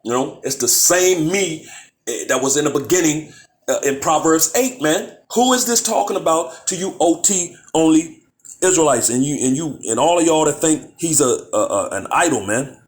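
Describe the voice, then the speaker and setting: A man with a somewhat raised pitch teaches scripture in an informal, talky way. He reads verses slowly and deliberately, then presses his listeners with pointed rhetorical questions. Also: animated. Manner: conversational, peppered with "man, you know". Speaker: bible teacher.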